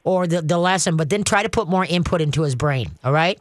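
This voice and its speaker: A man hosting a call-in radio show on dogs, giving folksy, animated training advice and acting out commands. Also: fairly high pitch, quick pace, no echo, clean studio sound.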